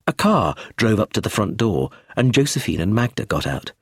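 A man reading a novel aloud as first-person narrator, measured and expressive. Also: fairly low pitch, breathy edge, no echo, studio quality. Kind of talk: audiobook narration.

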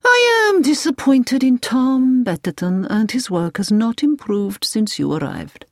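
A woman voicing a calm, businesslike elderly man who speaks slowly and soothingly while holding someone captive. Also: fairly high pitch, no room sound, clean studio sound, voice pushed up. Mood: calmly menacing. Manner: slow, measured, soothing.

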